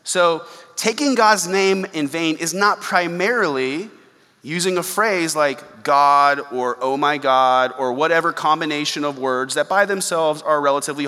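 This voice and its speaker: A young adult man preaching a conversational sermon, animated and acting out the exclamations he quotes. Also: fairly high pitch. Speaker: pastor. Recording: long hall reverb.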